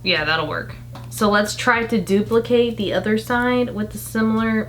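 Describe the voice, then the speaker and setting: A young woman vlogging a makeup tutorial in a casual, chatty and self-mocking way, full of quick asides. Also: fairly high pitch, faint music behind.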